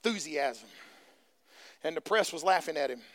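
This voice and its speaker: A man's voice: on the high side, lively intonation, normal speed, fairly bright tone. A man preaching a sermon as pastor, calling out to the congregation and repeating phrases for emphasis.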